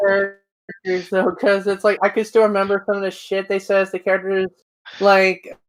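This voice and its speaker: A woman's voice: mid-range voice, monotone, normal speed, no echo, poor audio. Blunt, swearing woman podcast co-host. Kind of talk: casual chat. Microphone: computer mic on an online call.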